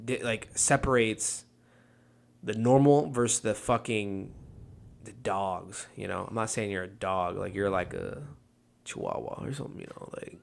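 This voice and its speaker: A man's voice: lowish voice, steady tone, measured pace, vocal fry. A man co-hosting a podcast, rambling and joking in casual chat. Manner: rambling, freestyling, playful. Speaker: podcast co-host.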